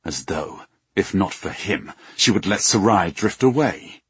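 Male fantasy audiobook narrator, very deep and husky, dry close recording. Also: expressive, unhurried, no echo.

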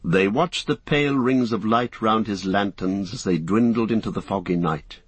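A male audiobook narrator with a low, husky voice, reading a fantasy novel in a measured, even way. The recording is dry and close. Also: dry recording.

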